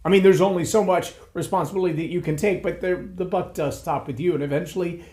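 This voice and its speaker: Higher-pitched male speaking coach, measured reflective monologue. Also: steady tone, darkish tone. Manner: reflective, measured, with repeated phrases for emphasis. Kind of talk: solo talk to camera.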